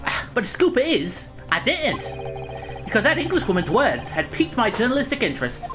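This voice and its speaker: Brief: woman playing a boastful young newsboy reporter, slight put-on British accent, bright chirpy lilt over game music. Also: on the high side, very animated, fairly quick, voice pushed up. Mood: eager.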